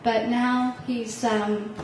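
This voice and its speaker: A woman's voice: fairly high pitch, level tone, very slow, a little mellow, slight background noise. A middle-aged woman, a parent on a panel, telling a heartfelt personal story with some laughter, recorded from a distance in a hall. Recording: echoey room heard from far off.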